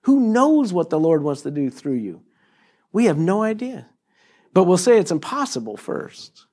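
Male pastor, middle-aged, lively and jokey sermon delivery, fairly high voice. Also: moderate pace. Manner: animated, jokey, acts out quotes in high voices.

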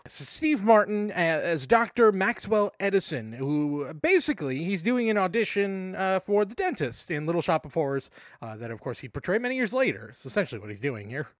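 Young guy podcast cohost, lively sarcastic movie recap, higher voice, dry close mic. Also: a little fast, no room sound. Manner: animated, sarcastic, swears casually. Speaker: podcast co-host. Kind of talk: casual movie recap chat.

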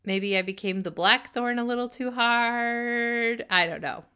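A woman's voice: fairly high pitch, a little slow, bright, forceful tone, smooth. A woman co-hosting a casual book-discussion podcast, musing through recaps. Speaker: podcast co-host.

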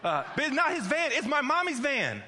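A man's voice: very high-pitched, huge pitch swings, fairly quick, pushed and bright, voice pushed up, exaggerated voice. A man voicing a worked-up three-year-old girl who talks in indignant baby talk. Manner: baby talk, lisping childish grammar. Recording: long hall reverb.

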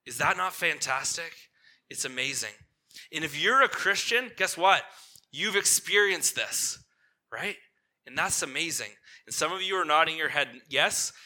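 A man preaching to his congregation with a very bright, forward tone and a voice sitting a little high for a man. He speaks conversationally and keeps checking in with "right?" His delivery turns earnest and gentle when he touches on pain. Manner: conversational, asks the congregation questions, frequent "right?"; tender and earnest on painful points. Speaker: lead pastor. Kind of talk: sermon. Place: church sanctuary with a congregation.

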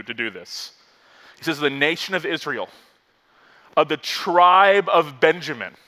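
A pastor from Florida preaching a lively sermon and acting out the quotes he reads. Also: medium pitch.

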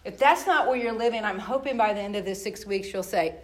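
A woman's voice: medium pitch, a little fast, low-quality recording. A woman leading a Bible study class in a conversational way, spelling words out and restarting her sentences. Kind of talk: casual teaching talk.

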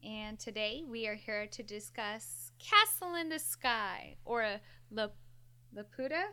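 A woman with a bright, fairly high voice talks casually on a podcast. She is chatty and often acts out what she was thinking. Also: expressive, slow pace, clean tone. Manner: chatty, quotes her own thoughts. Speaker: podcast co-host.

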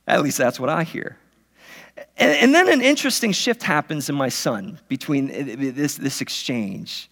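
A man's voice: fairly high pitch, very animated, normal speed, a bit bright. A man in his thirties, a pastor, preaching a sermon in a conversational, story-telling way with many restarts. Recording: long hall reverb.

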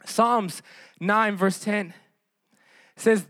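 A man delivering a sermon as pastor, his voice sitting high for a man. He builds through repeated rhetorical questions and phrases, with plenty of fillers along the way. The sound is dry, with no room echo. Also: measured pace, fairly bright tone. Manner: impassioned, rhetorical repetition with frequent fillers.

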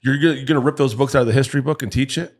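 A man's voice: medium pitch, fairly even intonation, rapid-fire. A man co-hosting a podcast, blunt and opinionated, talking in casual chat and often cutting in. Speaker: podcast co-host.

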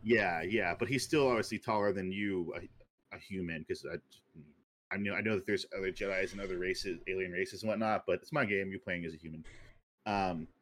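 A podcast co-host with a fairly low male voice, chatting casually. He rambles, circling back with fillers and restarts as he lays out an idea. His delivery stays loose and conversational. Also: steady tone, brisk, fairly bright tone. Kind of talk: casual chat.

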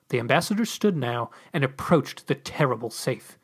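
A podcast host narrating a whimsical story aloud, with a lively, animated pitch. The reading is expressive and playful, rising and falling through long sentences. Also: moderate pace, hardly any pauses, husky.

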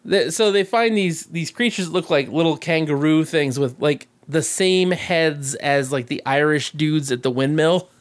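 A man's voice: a little high, moderate pace, hardly any pauses. A man co-hosting a podcast, recapping a movie in casual chat, sarcastic and profane, laughing often. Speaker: podcast co-host.

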